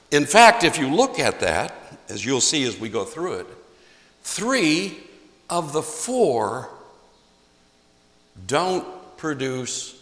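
Male pastor, slow and deliberate delivery, lively pitch, echoey reverberant hall. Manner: emphatic, repeats key phrases for stress. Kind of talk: sermon.

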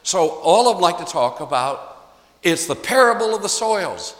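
A man's voice: high-pitched, expressive, moderate pace, fairly bright tone. A man preaching a sermon as a pastor, emphatic and repeating key phrases for stress. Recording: echoey hall, long reverb.

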